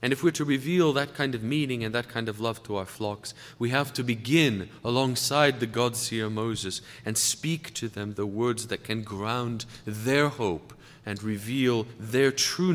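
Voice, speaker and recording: Give me a man delivering a deliberate sermon in a reverberant hall. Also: on the low side. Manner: deliberate, slowing down to stress key words. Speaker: priest speaking to clergy. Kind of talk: sermon-style lecture. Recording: long reverb of a large hall.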